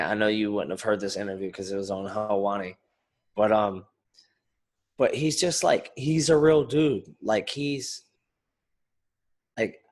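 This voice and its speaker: A man co-hosting a casual podcast, talking in an animated, rambling way and swearing freely. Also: on the low side. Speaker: podcast co-host, fighter. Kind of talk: casual chat.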